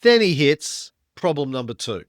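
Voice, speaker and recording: Male podcaster, bright high voice, lively swings, dry close sound. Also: moderate pace, no room sound. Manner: animated storytelling with put-on voices. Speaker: podcast host telling history. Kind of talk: comedic history podcast chat.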